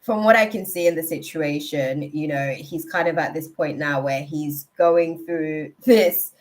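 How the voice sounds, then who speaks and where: A woman with a slightly low voice gives a tarot reading on a live stream. She chats casually with her viewers and laughs often. Her delivery stays lively and animated. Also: unhurried.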